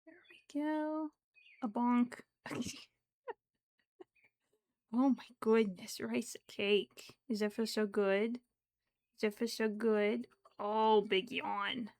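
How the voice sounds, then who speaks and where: Slow-talking woman cooing at her cat. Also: fairly high pitch, steady tone, a little mellow. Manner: coos baby talk to her cat while crocheting. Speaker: crochet streamer. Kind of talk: casual livestream chat.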